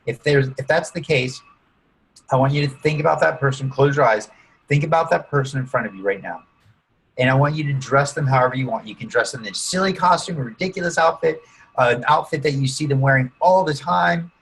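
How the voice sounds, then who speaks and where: A man with a husky, slightly breathy voice leads a calm guided visualization. He talks listeners through each step and keeps checking in to make sure they are following. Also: mid-range voice, brisk, low-quality recording. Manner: calm, guiding, often checks in with "okay?" and "right?". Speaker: guest coach using neurolinguistic programming. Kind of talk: guided visualization during an interview.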